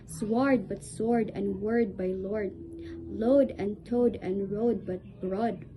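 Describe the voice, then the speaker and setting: A woman's voice: mid-range voice, fairly even intonation, slow, over music, low-quality recording. A woman reciting a rhyming poem, carefully sounding out each word in lists.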